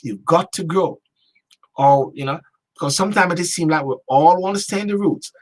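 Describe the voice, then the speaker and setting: Emphatic man with a husky voice. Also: a little high, normal speed, a little mellow. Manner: emphatic, repetitive, rhetorical. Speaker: talk show host. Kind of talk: opinion monologue.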